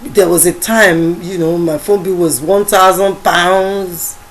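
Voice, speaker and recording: A woman with a Nigerian accent recounting a story in casual speech, halting often with fillers and restarts. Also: fairly low pitch, fairly even intonation, low-quality recording. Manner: halting, many fillers and restarts, quotes others in dialogue. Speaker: activist recounting events.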